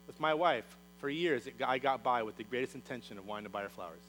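A man preaching a sermon, telling a story in a lively way and acting out the characters' lines in voices. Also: mid-range voice, fast talker, slight background noise, poor audio. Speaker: pastor.

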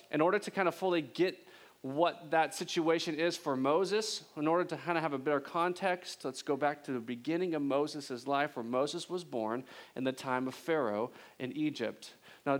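A man preaching a sermon in a casual, animated storytelling way. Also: on the high side.

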